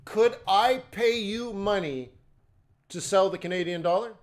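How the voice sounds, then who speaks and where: A man with a high-pitched voice and a slightly slow delivery teaches forex trading during a live webinar. He talks conversationally, poses rhetorical questions, and keeps checking in with "okay?" and "right?"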